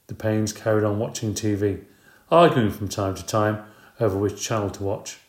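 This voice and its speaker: Man, storybook narrator, first-person reading, even and measured, low voice, roomy echo. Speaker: audiobook narrator.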